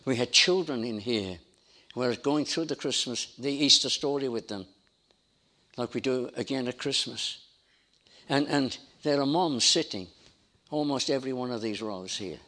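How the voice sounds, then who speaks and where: A man's voice: medium pitch, moderate pace, pushed and bright. A man preaching a sermon in an emphatic style, building his points through repetition. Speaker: pastor.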